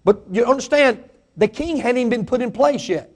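A man delivers a sermon in a notably high voice. He preaches emphatically and keeps turning to address the congregation directly. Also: expressive, fairly quick. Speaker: pastor.

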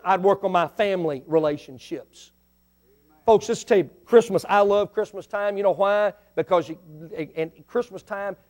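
A middle-aged man with a high-pitched voice preaching from the pulpit. He builds to loud, emphatic lines and falls back to quiet asides, addressing his congregation directly. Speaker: pastor. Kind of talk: sermon.

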